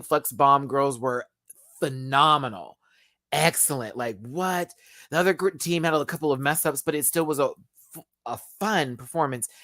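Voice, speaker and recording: A man giving a casual live review of a reality show, expressive and profane, swinging between emotional and giggly. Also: medium pitch, dry recording, studio quality.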